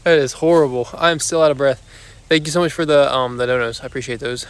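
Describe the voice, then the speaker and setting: A fast-talking young man streams from his backyard on his phone, breathless from exercise, bantering loosely with his viewers. His voice is medium in pitch, fairly bright and clean.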